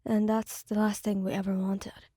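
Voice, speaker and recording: A woman voicing a gentle, pained young man who talks quietly and pleads in an ASMR audio story. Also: medium pitch, level tone, normal speed, husky, no echo, clean studio sound, close to an everyday voice. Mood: pleading.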